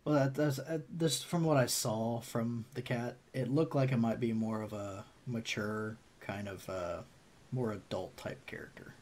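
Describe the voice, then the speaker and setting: A man's voice: mid-range voice, fairly even intonation, unhurried, darkish tone, slight background noise. A man joining a gaming roundtable, talking casually and hesitantly while he searches for words. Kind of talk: casual chat.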